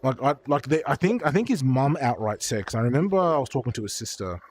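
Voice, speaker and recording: A man's voice: mid-range voice, very animated, quick pace, darkish tone, a little hiss or hum. A man chatting casually on a livestream, rambling and swearing freely, with lots of fillers and restarts. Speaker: streamer. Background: faint background beats.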